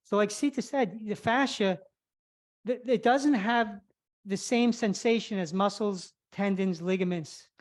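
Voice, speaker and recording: A woman's voice: medium pitch, a little slow, darkish tone. A woman teaching a live online stretching class, cueing each movement step by step and a little out of breath. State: slightly out of breath. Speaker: flexibility instructor.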